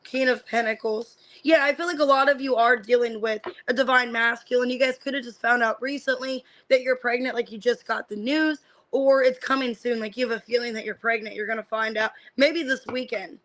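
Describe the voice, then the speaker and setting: A woman giving a casual live-streamed tarot reading. She names the cards one by one and thinks out loud as she reads them, with lots of fillers. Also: a little high, fairly even intonation, a little fast, hardly any pauses, poor audio. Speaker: tarot reader.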